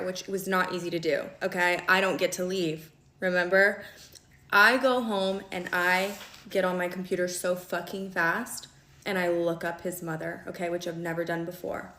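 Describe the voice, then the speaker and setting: A young woman tells her story in a casual vlog, rushing along and stopping to ask "okay?" Her voice sits a little low for a woman. The room around her is echoey. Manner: animated, fast and conversational, heavy use of "like" and "okay?". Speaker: storyteller recounting a relationship.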